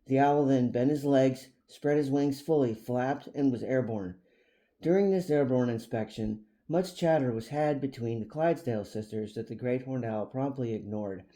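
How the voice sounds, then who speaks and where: A man reads an animal story aloud at an unhurried, steady pace. His voice has a middling pitch and a mellow, darker tone. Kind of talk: storybook narration.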